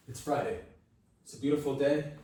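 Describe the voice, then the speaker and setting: A man hosting a comedy podcast, delivering a meandering satirical monologue full of halting restarts and mock-serious asides. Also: fairly high pitch, mellow. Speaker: podcast host. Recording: roomy echo, mic at a distance.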